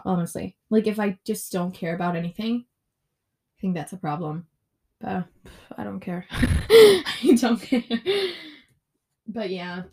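A young woman rambling through a solo podcast at an unhurried, drawn-out pace. Her talk is loose and profane, full of "like" and heavy complaining. Her voice sits at a middling pitch for a woman. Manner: ranting, frequent cursing, lots of "like" fillers. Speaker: podcast host. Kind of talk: casual solo podcast chat.

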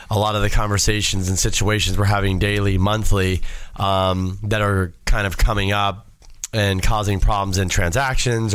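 A man co-hosting a podcast with a nasal voice from a cold, talking in a relaxed, rambling way. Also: on the low side, clear, resonant tone, no echo. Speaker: podcast co-host. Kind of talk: casual podcast chat.

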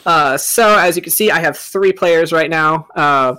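A man's voice: a little high, measured pace, pushed and bright, clean tone. A man hosting a tabletop game stream as dungeon master, giving announcements in a joking, easygoing way. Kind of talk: casual stream chat.

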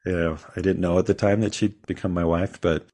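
A man's voice: deep voice, steady tone, brisk, dark tone. A man guest on a podcast, telling his own story in a rambling, casual way with frequent restarts and small laughs.

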